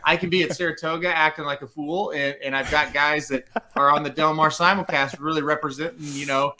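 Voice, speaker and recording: A man co-hosting a casual podcast, telling animated stories and laughing often. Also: fairly high pitch, a little fast, a little hiss or hum. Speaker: podcast co-host, site owner.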